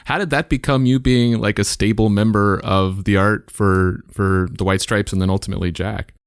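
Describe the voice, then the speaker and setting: A man hosts a podcast interview, asking relaxed, conversational questions in a lowish voice. The sound is dry, with no room echo. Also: normal speed, clear, resonant tone. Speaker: podcast host.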